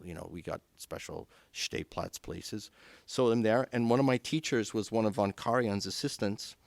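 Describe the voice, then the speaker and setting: Lively storytelling middle-aged man. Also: lowish voice, gravelly, no room sound. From Canada. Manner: animated, acts out quoted voices. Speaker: conductor, guest. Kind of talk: anecdotal storytelling. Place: podcast studio.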